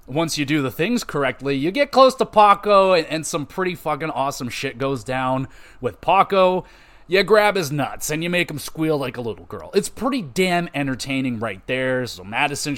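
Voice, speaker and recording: A man hosting a gaming podcast, recapping a game in a loose, profane, rambling way and briefly acting out characters' lines. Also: on the high side. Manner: profane, rambling, animated retelling with quick impressions. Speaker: podcast host. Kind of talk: casual game podcast monologue.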